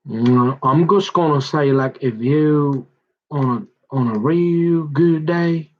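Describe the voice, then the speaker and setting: A man's voice: fairly high pitch, dull audio. A man telling a long personal story in a rambling, casual monologue. He speaks straight to his listener and keeps checking in with "right?" and "mm-hmm". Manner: drawn-out, meandering storytelling with many restarts.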